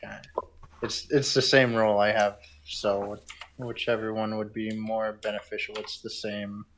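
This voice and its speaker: Player: man, low voice, halting casual delivery, repeats words as he thinks. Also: flat delivery, fairly bright tone, slight background noise, low-quality recording. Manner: hesitant, stops and restarts. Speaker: tabletop player. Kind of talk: casual tabletop chat.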